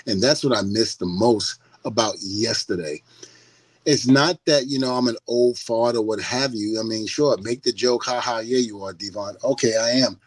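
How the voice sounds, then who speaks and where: An older man chats as a podcast guest, animated and quick to laugh, swearing as he goes. His voice sits at a middle pitch. The sound is dry and close. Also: husky, no room sound. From United States. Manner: animated storyteller who laughs often and swears freely. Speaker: guest, former wrestler. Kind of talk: casual podcast chat.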